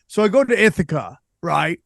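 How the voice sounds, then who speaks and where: Man, high-pitched, dry close mic, animated casual storytelling, podcast host. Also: normal speed, gravelly, no echo. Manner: animated, acts out quotes with voices.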